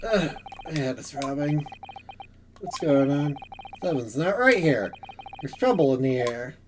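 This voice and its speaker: Guy playing a frazzled young guy in handcuffs, animated voice. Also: a little high, unhurried, a little hiss or hum. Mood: flustered. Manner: flustered, exasperated. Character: flustered young male defendant. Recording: game music behind.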